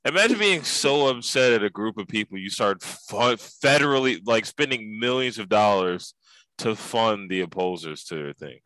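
A man's voice: fairly low pitch, moderate pace, no echo. A young man in casual comedic chat, profane and riffing, co-hosting a talk show. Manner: profane, riffing, animated jokey delivery.

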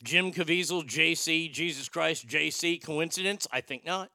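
A man's voice: a little high, moderate pace, creaky, sharp tone, no echo, clean studio sound. A man hosting a talk show, riffing in casual, irreverent, joking banter.

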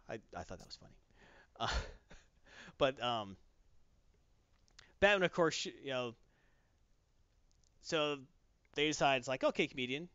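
A man in casual chat, animatedly retelling a comic plot and slipping into quick character voices. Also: mid-range voice, lively intonation, a bit bright, clear, resonant tone, no room sound, dull audio.

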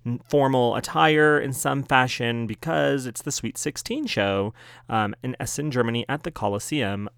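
A man's voice: mid-range voice, normal speed, creaky, a bit bright, clear, resonant tone, dry recording, studio quality. A young man hosting a fan podcast, talking in a chatty, playful way with little laughs. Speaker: podcast host. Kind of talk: casual podcast monologue.

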